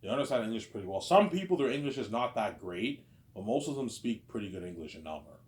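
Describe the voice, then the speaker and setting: This vlogger, a man in his thirties, rambles through a casual monologue in a voice on the low side with lively intonation and a quick pace. He repeats himself and keeps tagging lines with filler like "obviously" and "you know what I'm saying."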